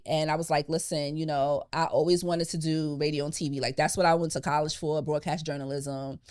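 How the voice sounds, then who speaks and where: A young adult woman hosting a podcast in a studio, chatting in an animated, emotional way. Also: deep voice. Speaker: podcast host. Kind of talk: casual heartfelt chat.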